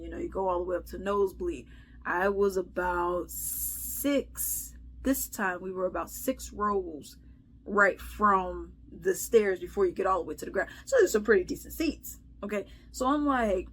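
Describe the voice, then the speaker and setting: Chatty animated woman vlogger. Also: fairly low pitch, measured pace, a little hiss or hum. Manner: chatty, animated, acts out quotes with sighs and laughs. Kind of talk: casual storytelling commentary.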